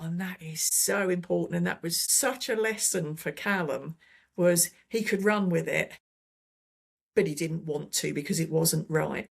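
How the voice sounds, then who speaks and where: A woman's voice: on the low side, creaky. A woman, a holistic therapist, talking enthusiastically as an interview guest, often repeating words as she gathers her thoughts. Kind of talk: casual testimonial chat.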